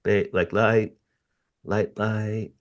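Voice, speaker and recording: Lowish-voiced man telling a story emphatically. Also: fairly even intonation, extremely slow. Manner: emphatic, repeats phrases, addresses listeners as "you guys". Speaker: guest telling a personal story. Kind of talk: animated storytelling on a podcast.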